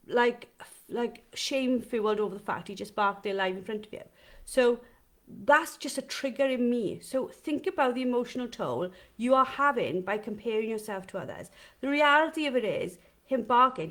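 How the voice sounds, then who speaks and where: Chatty middle-aged woman trainer. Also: mid-range voice. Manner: chatty, rambling, with asides and questions to viewers. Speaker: dog trainer hosting a live session. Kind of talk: casual live-stream talk. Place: home, with dogs in the kitchen.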